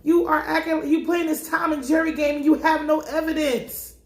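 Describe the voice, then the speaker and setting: A woman voicing an exasperated male cop who scolds loudly and incredulously, with heavy profanity. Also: sits high, fairly even intonation, moderate pace, echoey room, voice pushed up, natural voice.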